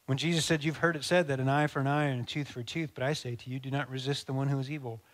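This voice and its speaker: A male pastor preaching a sermon, animated and conversational, acting out little scenes. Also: medium pitch, rapid-fire. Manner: animated, acts out dialogue, conversational asides.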